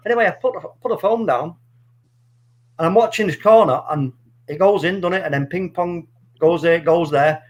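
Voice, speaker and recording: A middle-aged man telling a story in casual chat, animated and swearing freely. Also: high-pitched, moderate pace. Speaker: podcast co-host.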